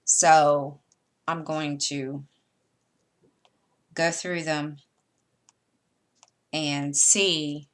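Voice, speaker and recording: A woman's voice: sits low, level tone, extremely slow, pauses often. A middle-aged woman with a Southern American accent, chatting casually in a rambling way while she sorts her embroidery floss for a crafting vlog. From United States. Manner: rambling, chatty, often trailing off with fillers. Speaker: cross-stitch vlogger.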